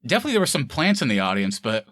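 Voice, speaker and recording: A man chatting about a film on a podcast, lively and animated, often slipping into quoted voices. His voice is bright and swings up and down a lot. The sound is dry and close. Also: medium pitch, very fast, no echo. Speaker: podcast co-host reviewing a film. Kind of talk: casual chat.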